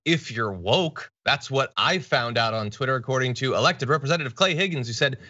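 A man hosting an online political talk show, mocking quotes with deadpan sarcasm. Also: medium pitch, a little fast, hardly any pauses, lo-fi sound. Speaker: show host.

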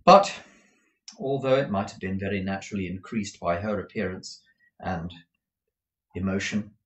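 A man's voice: sits low, normal speed, a bit bright, rough recording. A man reading a classic novel aloud as an audiobook, often stumbling and restarting words. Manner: frequent restarts and self-corrections. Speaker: audiobook reader.

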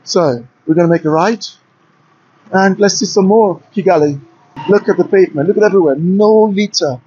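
Recorded in lo-fi on a handheld smartphone, a man walks outdoor city streets giving an enthusiastic, opinionated vlog to camera. The travel vlogger speaks fairly quickly in a high-pitched, slightly mellow voice with a breathy edge and a British-influenced Nigerian accent.

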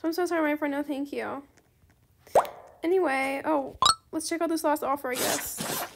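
A woman hosting her gaming channel, chatting casually through gameplay commentary and bursting into excited squeals. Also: high-pitched, moderate pace, heavy background noise.

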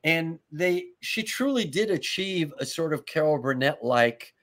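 A man with a fairly high voice spins comic anecdotes as a talk-show guest. He laughs through his stories and drops into acted lines. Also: animated, measured pace, a bit bright. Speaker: guest, comedy writer. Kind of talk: animated anecdotal storytelling.

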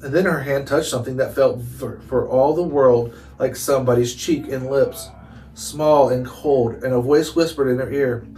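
A man's voice: medium pitch, normal speed. Man reading a storybook aloud. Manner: relaxed, chatty recaps between reading. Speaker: reader. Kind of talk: reading a chapter book aloud. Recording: distant mic with faint noise.

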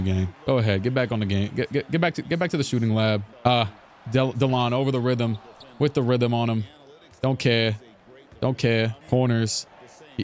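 A young man commentating his own basketball video game play, taunting opponents and repeating phrases. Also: mid-range voice. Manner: trash-talking, repetitive, taunting. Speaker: gaming streamer.

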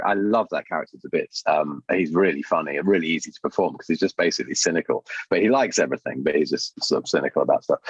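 Male podcast guest, low raspy voice, animated storyteller, lo-fi dry line. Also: no room sound. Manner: lively, animated storytelling with quick voice changes. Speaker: guest, puppeteer and voice artist. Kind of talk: casual interview chat. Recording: dull lo-fi dry sound.

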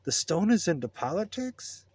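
Hippie drifter, male: man reading mellow and wry, a bit higher than narration. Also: sing-song, normal speed, breathy edge, exaggerated voice.

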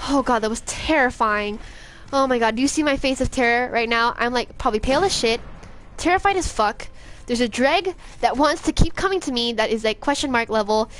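A young female streamer talks through her gameplay in a high, bright voice. She swears freely and snaps back at the enemies on screen. A light hiss of noise sits under the recording. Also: brisk. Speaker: game streamer. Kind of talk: live gameplay commentary.

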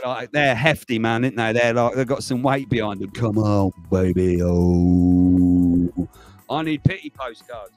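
A man's voice: a little high, a bit bright. A man hosting a livestream, chatting casually to viewers, rambling and laughing as he goes. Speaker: livestream host.

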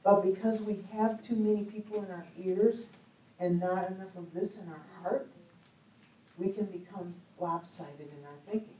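In an echoey church hall, a woman speaking at a church conference tells stories in a sermon, chatty and humorous and laughing often. Her mid-range voice is steady, mellow and at normal speed, picked up by a distant mic with a little hiss or hum.

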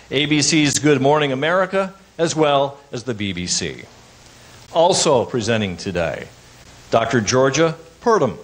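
A man's voice: mid-range voice, fairly bright tone, poor audio. A man serving as event host, reading a prepared introduction of the speakers. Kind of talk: formal introduction. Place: university event.

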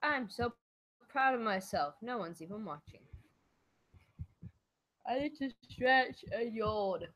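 A young woman with a hoarse, ill voice, chatting casually and self-deprecatingly while she draws. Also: on the high side, lively intonation, slow, pauses often, a bit bright, no echo, rough recording. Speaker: vlogger drawing on stream. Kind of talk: casual solo commentary while drawing.

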